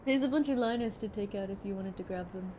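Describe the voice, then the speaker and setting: A woman's voice: medium pitch, quick pace, heavy background noise. A woman streaming a video game live, chatting playfully and reading dialogue aloud. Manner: playful, giggly.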